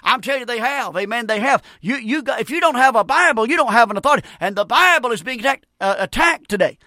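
A preacher delivers a fervent sermon in a high, bright, ringing voice. He repeats amens and stumbles through quick restarts. The sound is close and dry, with no room around it. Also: expressive, dry recording. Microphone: broadcast radio mic.

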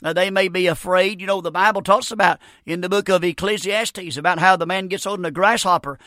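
A man's voice: high-pitched, brisk, sharp tone, dry recording, clean studio sound. A middle-aged man preaching a radio sermon in a folksy, emphatic way, often repeating himself.

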